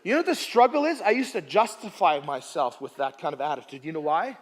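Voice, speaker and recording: Guy preaching, pretty high voice, jumps from quiet asides to loud bits, big echo off the church walls. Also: lively intonation, fairly quick. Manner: emphatic, swings from soft asides to loud exclamations; repeats phrases, self-deprecating humor. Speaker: pastor. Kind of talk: sermon. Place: church sanctuary.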